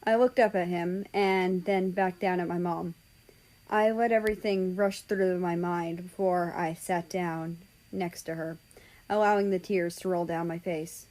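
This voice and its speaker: A woman reading a fan story aloud in slow, measured narration. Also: fairly low pitch, steady tone, a little mellow, low-quality recording. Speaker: story reader.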